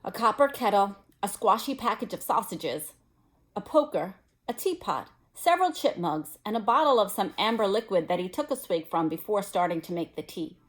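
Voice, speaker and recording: Woman reading a novel aloud. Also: mid-range voice. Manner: expressive, pauses to explain to listeners.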